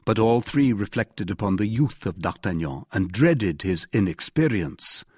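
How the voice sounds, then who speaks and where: A man reading a classic adventure novel aloud as scripted narration, with a dramatic delivery that lifts in pitch for quoted speech. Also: animated, unhurried, a little mellow, breathy edge, dry recording, clean studio sound. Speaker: audiobook reader.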